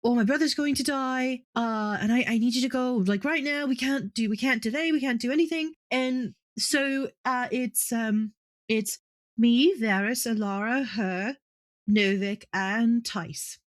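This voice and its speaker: A woman's voice: a little high, unhurried, close to an everyday voice. A woman voicing a flustered young woman adventurer in a tabletop game, rambling nervously.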